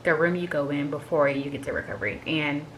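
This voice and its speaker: A woman's voice: deep voice, fairly even intonation, a little fast, fairly bright tone, a little hiss or hum, low-quality recording. A woman vlogger candidly recounting a personal experience in a casual, chatty way, full of "like" fillers. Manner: chatty, filler-heavy with frequent "like". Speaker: vlogger sharing a health update.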